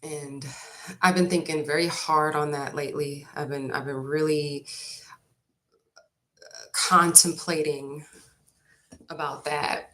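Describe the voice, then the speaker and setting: A woman's voice: low voice, steady tone, slow pace, pauses often, fairly bright tone. A woman chatting casually with viewers on a live stream, walking in from the rain and then talking at home, a bit out of breath. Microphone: phone camera.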